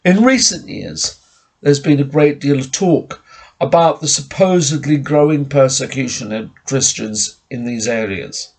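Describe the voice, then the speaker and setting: A man delivers a measured, formal sermon in a husky voice. His pitch sits in the middle of the range, and he sounds like he is lecturing from a pulpit. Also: animated. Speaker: preacher.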